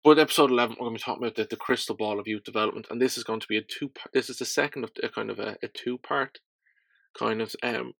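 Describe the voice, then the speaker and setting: A man's voice: mid-range voice, rapid-fire, gravelly, fairly bright tone, dry recording. Stuffy-nosed man hosting a podcast. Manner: rambling, with many fillers and restarts. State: stuffy, nasal from a cold. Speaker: podcast host. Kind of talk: casual solo podcast chat.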